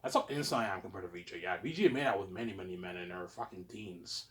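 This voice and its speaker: A vlogger in his thirties rambles quickly through a personal monologue, stammering, restarting, repeating himself and saying "obviously" a lot. His volume swings from a low mutter to loud outbursts.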